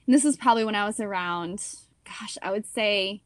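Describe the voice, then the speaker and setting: A young woman actor telling stories in a casual interview, chatty and animated, with lots of "like" and "you know". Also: mid-range voice, a little fast, dry recording.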